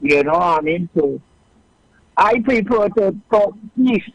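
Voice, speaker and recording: Gravelly man calling in by phone. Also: high voice, lively intonation, unhurried, dry recording. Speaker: caller. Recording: dull phone-in line.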